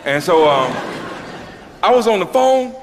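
A high-pitched, unhurried voice trails off into a long reverb tail as a middle-aged Georgia man performs stand-up with a Southern US accent. The story is loose and profane, and he tells it animatedly, acting out each voice.

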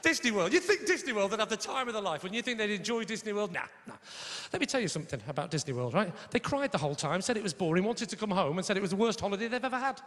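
A man doing stand-up comedy, chatting with the crowd in a cheeky, animated way. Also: high voice, racing, hardly any pauses. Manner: cheeky, animated, shouts punchlines and mimics voices. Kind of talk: stand-up routine with crowd work. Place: large comedy venue on stage. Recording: echoey live venue, audience noise.

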